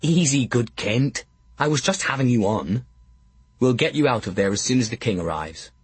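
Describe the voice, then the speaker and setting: A sharp-tongued young jester with a quick, bawdy, mocking way of talking, as a man voices him in a storybook reading. His voice is husky, and the recording is close and dry. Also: mid-range voice, lively intonation, no room sound. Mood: wry.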